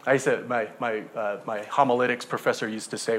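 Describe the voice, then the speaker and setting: A male pastor preaching a sermon, moving from hushed near-whispers to loud, emphatic passages. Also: medium pitch, steady tone, a little fast, hardly any pauses, a little hiss or hum.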